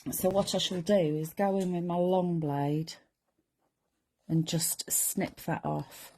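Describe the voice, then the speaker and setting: A woman's voice: lowish voice, steady tone, slow, mellow, slight background noise. A middle-aged woman chattily talking through a papercraft demonstration step by step and chatting with viewers. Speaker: craft demonstrator. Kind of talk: chatty live crafting demonstration.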